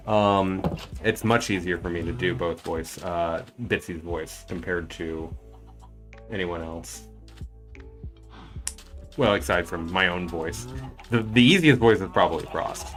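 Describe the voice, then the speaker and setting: A man's voice: low-pitched, unhurried, pauses often, fairly bright tone, faint music behind. A man streaming a game and chatting casually, thinking aloud as he plays. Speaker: streamer and voice actor.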